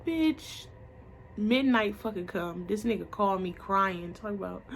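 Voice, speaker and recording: A young woman gives a casual storytime vlog in a medium-pitched, gravelly voice. She is blunt and profane and acts out the voices of the people she quotes. A faint hiss of noise sits behind her. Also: a little slow.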